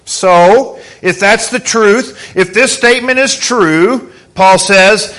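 A man's voice: high-pitched, expressive, drawn-out words, fairly bright tone. A man preaching a sermon as pastor, in a conversational way, asking the congregation questions.

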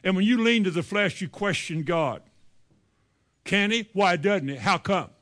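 High-pitched guy preaching, reads bible verses then retells them all folksy and animated. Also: unhurried. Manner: animated, paraphrasing scripture in folksy speech. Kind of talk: sermon.

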